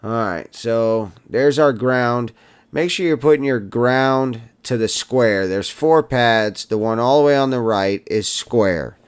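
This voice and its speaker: A man's voice: mid-range voice, slow, clear, resonant tone. A man hosting a casual drone-building tutorial, chatting to viewers and muttering to himself as he solders.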